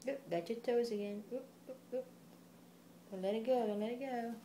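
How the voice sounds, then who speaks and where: A woman's voice: a little high, normal speed, dark tone, slight background noise. A woman at home coaxing a baby in sing-song baby talk, repeating simple words for the baby to say. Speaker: parent talking to a baby. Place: home, indoors.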